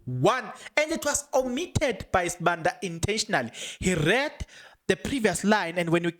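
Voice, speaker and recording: A South African man hosting a podcast, commenting excitedly on a court case with frequent laughter and Zulu phrases mixed into English. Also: high-pitched, moderate pace. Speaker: podcast host.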